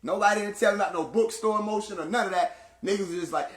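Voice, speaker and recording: High-pitched aave guy ranting to his viewers, heated, lots of emphasis, roomy echo. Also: fast talker. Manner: animated, heated and emphatic, with vernacular slang. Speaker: speaker addressing viewers. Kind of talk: casual storytelling rant.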